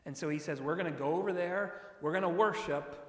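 Guy preaching in a church, kinda high voice, lots of echo, slows way down when he reads the verses. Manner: expressive preaching, reads scripture slowly with emphasis. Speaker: pastor. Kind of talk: sermon. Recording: echoey hall.

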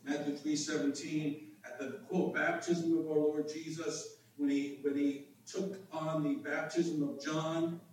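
A man preaching a sermon as pastor, explaining in an animated way with frequent restarts. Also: on the high side, a little slow, few pauses, slight background noise. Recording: echoey room from a distant mic.

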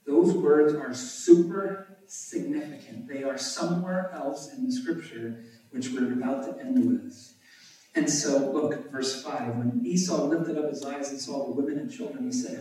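A man preaching a sermon and reading scripture aloud, animated and emphatic, his voice jumping up on key words. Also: mid-range voice, normal speed. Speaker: pastor. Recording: echoey room, voice from a distance.

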